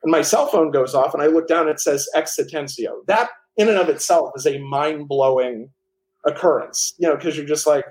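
Chatty man telling anecdotes, slightly high. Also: normal speed, a little hiss or hum, poor audio. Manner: animated anecdotes with many restarts and filler. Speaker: author and guest. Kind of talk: casual storytelling interview.

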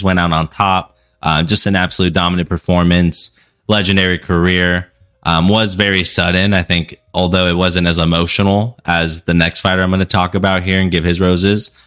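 Deep, bright-voiced man hyping fighters. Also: clear, resonant tone. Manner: enthusiastic, hyping, emphatic. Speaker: podcast co-host. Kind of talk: casual chat.

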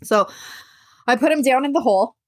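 A woman's voice: sits high, brisk, no echo, studio quality. A young adult woman telling a personal story candidly, acting out what people said. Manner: candid, animated, acts out quotes.

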